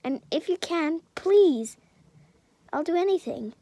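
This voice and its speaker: A woman voicing a frantic, grieving mother who pleads in a voice that rises high. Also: lively intonation, slow pace, dark tone, no echo, full character voice. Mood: anguished.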